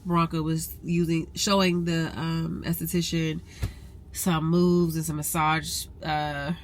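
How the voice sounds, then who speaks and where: A woman's voice: sits low, level tone, slow. A woman chatting casually to her viewers from her car in traffic, with a stuffy nose, calling them y'all. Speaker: vlogger and realtor. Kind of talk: casual vlog chat. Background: vehicle noise.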